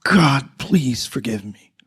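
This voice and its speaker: Man doing a tough old dad near death, gruff, whispery and strained. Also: fairly low pitch, expressive, moderate pace. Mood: gritting teeth. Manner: hushed, gritted-teeth whisper. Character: gruff dying old father, weak and tough.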